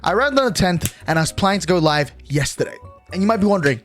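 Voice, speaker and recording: A nineteen-year-old streamer, talking casually to a livestream audience. The voice swings widely up and down as the rants get animated and exasperated, peppered with swearing. Faint music plays underneath. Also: medium pitch, fast. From Australia.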